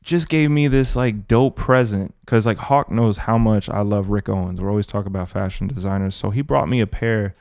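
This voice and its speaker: A man co-hosting a podcast in relaxed, friendly, rambling chat. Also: lowish voice, brisk, vocal fry, few pauses, no echo, clean studio sound. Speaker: podcast co-host. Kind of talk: casual chat.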